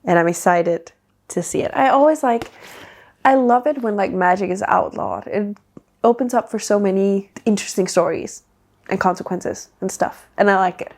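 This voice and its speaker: A woman's voice: mid-range voice, normal speed, a little mellow. A Danish woman, a native Danish speaker, chatting casually in English about her new books, rambling with lots of "like" fillers. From Denmark. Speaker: book vlogger. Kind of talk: casual book haul chat.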